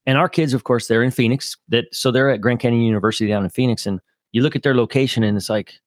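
A man's voice: mid-range voice, fairly even intonation, fast talker, no room sound, studio quality. A man in his forties hosting a podcast, talking in an easygoing casual way and laughing often. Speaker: podcast host. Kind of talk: casual chat.

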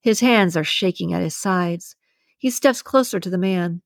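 A woman reading a first-person romance novel aloud in a breathy, intimate narration. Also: on the low side, normal speed, dry recording, clean studio sound. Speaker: audiobook narrator.

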